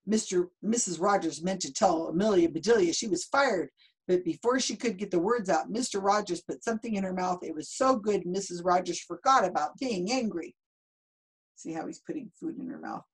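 A woman's voice: on the low side, brisk, slightly rough, poor audio. A woman in her fifties reading a children's book aloud, stopping for chatty asides about the pictures. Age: 50s. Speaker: storybook reader.

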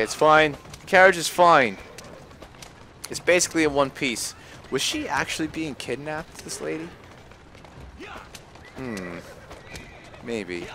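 A man giving live gameplay commentary on a stream, often frustrated and cursing with loud outbursts. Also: a little high, slight background noise. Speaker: gaming livestreamer.

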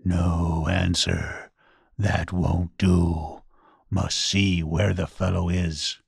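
A man putting on a gruff deep ghost warrior. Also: little pitch movement, no echo, studio quality, exaggerated voice. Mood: grumbling. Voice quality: gruff, grim, slow and growling. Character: gruff deep-voiced ghost samurai messenger.

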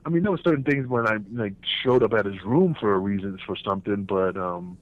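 A man, a former pro wrestler, telling backstage stories in a casual interview, animated and profane, acting out what others said. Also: lowish voice, fairly quick, a little hiss or hum. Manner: animated, profane, acts out quotes in raised voices. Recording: tinny phone line, dry.

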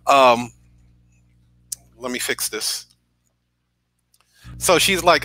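A man's voice: medium pitch, lively intonation, drawn-out words, pauses often, pushed and bright, poor audio. A man from New York, a podcast guest on a video call, earnestly telling a personal story and often checking in with "right?".

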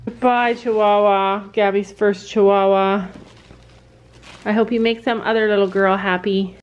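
A woman's voice: mid-range voice, level tone, a little slow, muffled recording. A middle-aged woman vlogging at home, chatting casually and cooing playfully at her pets. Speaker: family vlogger. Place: family home, indoors.

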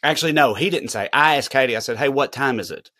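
Laid-back Southern American comedian. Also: male voice, medium pitch, fast, bright, forceful tone, no room sound, studio quality. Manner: laid-back, profane anecdote teller. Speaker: podcast host, comedian. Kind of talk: casual chat.

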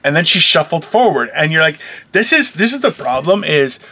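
A man co-hosting a casual chat show, telling animated stories, acting out other people's voices and laughing. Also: fairly high pitch, fairly quick, dry recording. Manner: animated storyteller, acts out quoted voices, swears, laughs. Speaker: podcast co-host.

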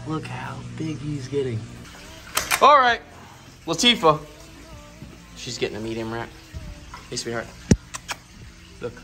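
Man, animated vlogger voice, background music, casual talk to pets. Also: mid-range voice, a little slow, pauses often. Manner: energetic, talks to his animals. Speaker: tattoo artist and reptile keeper. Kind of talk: casual vlog narration.

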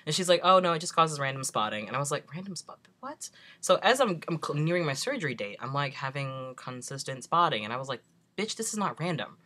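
A young man telling a story in a casual vlog, animated and exasperated, acting out both sides of a conversation with plenty of fillers and laughs. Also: mid-range voice, quick pace, few pauses. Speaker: vlogger.

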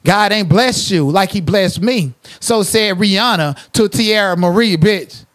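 A man's voice: high voice, unhurried, a bit bright. A man hosting a livestream commentary rant, profane and confrontational, who sometimes slips into sing-song asides. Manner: profane, confrontational, trash-talking. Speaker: commentary channel host.

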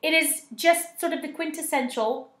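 A woman's voice: high-pitched, moderate pace, a bit bright. A woman chatting casually as a co-host of a costume tutorial, enthusiastic and trailing off mid-sentence. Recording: echoey room.

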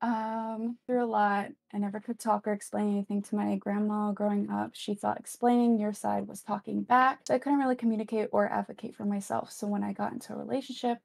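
A woman's voice: mid-range voice, vocal fry, darkish tone. A woman hosting a casual spiritual chat, reading viewer comments, chatty and encouraging, with plenty of fillers. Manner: chatty, filler-heavy, acts out little quoted exchanges; encouraging, affirming. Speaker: host of a spiritual channel.

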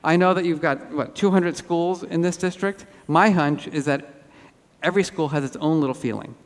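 A man giving a lively conference keynote, telling animated self-deprecating stories on stage. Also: fairly high pitch, normal speed. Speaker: keynote speaker. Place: large auditorium. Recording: hall reverb.

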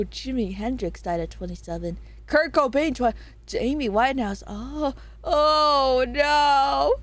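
A young woman streaming casually, reading viewer messages out loud with giggles, jokey asides and plenty of swearing; her voice is going a bit hoarse. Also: medium pitch. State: voice getting hoarse.

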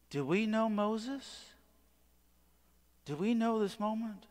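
Slow-preaching man in a reverberant church. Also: high-pitched, lively intonation, a little mellow. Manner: questions the congregation, dramatic pauses. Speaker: pastor. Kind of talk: sermon. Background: church sanctuary.

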